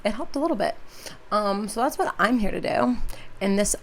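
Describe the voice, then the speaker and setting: A woman's voice: medium pitch, animated, moderate pace. A twenty-one-year-old woman hosting her own podcast, talking casually and chattily with lots of "like" and "um". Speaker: podcast host.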